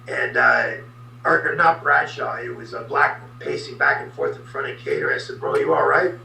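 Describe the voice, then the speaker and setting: Gravelly guy spinning a story, sharp bright voice, echoey room, off mic. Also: mid-range voice, moderate pace, far from the mic, a little hiss or hum. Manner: animated anecdote teller with sound effects. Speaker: guest. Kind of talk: storytelling in a podcast interview.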